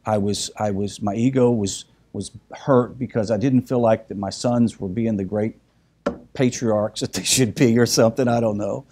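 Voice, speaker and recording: A middle-aged man teaching a group, telling a personal family story with animated retellings and many restarts. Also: fairly low pitch, normal speed, slightly rough. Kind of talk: storytelling talk.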